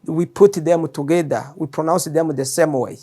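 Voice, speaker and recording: A man teaching his native Kinyarwanda in a slow, patient classroom lesson, repeating each word for learners to copy, with a Rwandan accent. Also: fairly high pitch, mellow. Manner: repeats words slowly for learners. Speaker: language teacher.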